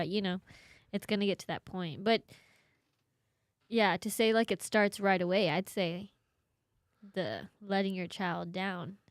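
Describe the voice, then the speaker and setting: Young woman, mid-pitched, lively podcast chat, dry close mic. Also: no room sound. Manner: lively, laughs, uses "like" often. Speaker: podcast co-host. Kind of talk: casual chat.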